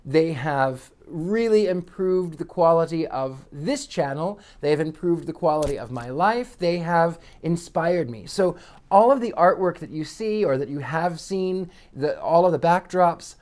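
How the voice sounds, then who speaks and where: Male channel host, casual storyteller, chatty and animated, rambling with restarts. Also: a little high, unhurried. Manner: animated, acts out quoted voices.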